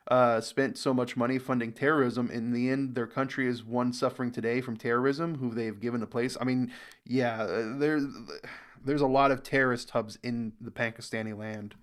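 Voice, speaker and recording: A man's voice: medium pitch, steady tone, normal speed, a bit bright. Casual American man reacting aloud. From United States. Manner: thinking aloud, reading comments, fillers. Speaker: reaction channel host.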